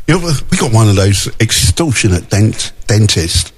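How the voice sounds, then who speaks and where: Lively, chatty male radio host. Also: lowish voice, moderate pace, few pauses, slightly rough. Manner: chatty and jokey, laughing often. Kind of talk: breakfast radio chat reading listener messages.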